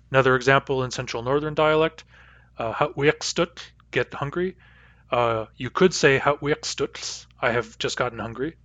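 Man, language teacher, slow careful repetition, dull lo-fi sound. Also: mid-range voice, a bit bright, no echo. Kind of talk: language lesson.

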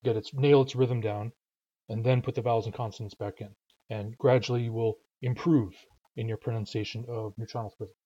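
A man with a mellow, relaxed tone teaches a language lesson, patiently counting out syllable rhythms aloud. The recording sounds a little dull and lo-fi. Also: mid-range voice, fairly quick, slightly rough.

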